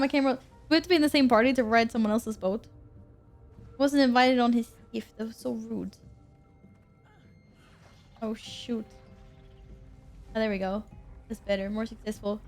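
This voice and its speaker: A bubbly woman with a bright, high voice chats casually with her viewers while she plays, laughing often and reacting out loud. Faint game music sits underneath. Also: fairly even intonation, moderate pace, pauses often. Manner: bubbly, giggly, talks to chat. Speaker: game streamer. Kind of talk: casual live-stream chat.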